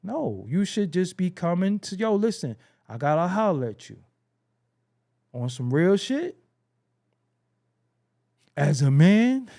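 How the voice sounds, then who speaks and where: A man's voice: high-pitched, big pitch swings, slow pace, vocal fry, long pauses, mellow. A middle-aged man hosting his own show, ranting bluntly and profanely in a streetwise way and mimicking other people's phrases to mock them. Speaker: show host. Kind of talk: casual commentary rant.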